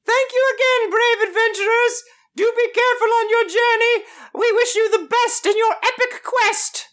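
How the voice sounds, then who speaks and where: A man squeaking as an excitable fey woman. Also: normal speed. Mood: cheerful farewell. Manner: squeaky, overexcited, falsetto.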